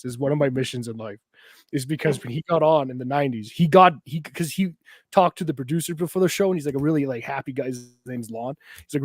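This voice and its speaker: A man from Canada co-hosting a casual wrestling chat, telling animated stories and laughing between lines. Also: mid-range voice, no echo. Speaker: co-host.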